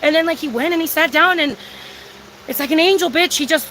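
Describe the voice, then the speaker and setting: A woman's voice: high voice, a little fast, sharp tone, a little hiss or hum. A young woman talking casually from home during a livestream, emphatic and profane, answering her chat.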